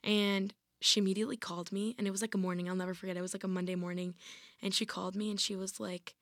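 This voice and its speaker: A woman's voice: mid-range voice, flat delivery, fast, no echo, clean studio sound. A young woman, a former college athlete, telling her personal story in an interview in a casual way, with lots of "like" and restarts. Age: young adult. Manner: casual, heavy use of "like", many restarts.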